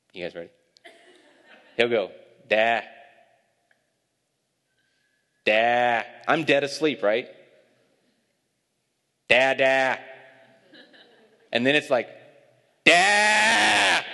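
A young adult man preaching a sermon, telling a lively family story and laughing at it. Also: medium pitch. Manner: storytelling, animated, laughing at his own stories. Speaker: pastor. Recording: long hall reverb.

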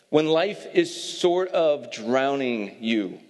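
A pastor giving a sermon, reading scripture aloud and explaining it with casual asides. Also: male voice, on the high side, moderate pace, few pauses. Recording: long reverb of a hall.

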